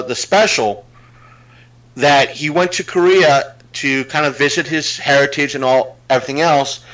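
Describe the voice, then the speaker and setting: Rambling man with a bright, dull-sounding mic. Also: fairly high pitch. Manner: rambling storyteller with many fillers and restarts. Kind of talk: casual podcast chat.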